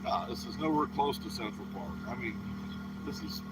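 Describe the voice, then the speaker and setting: A man's voice: medium pitch, animated, moderate pace. A man chatting and teasing in casual banter outdoors at a camp. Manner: joking, dry teasing. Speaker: camp member. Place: outdoors by a road. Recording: outdoor phone audio with traffic noise.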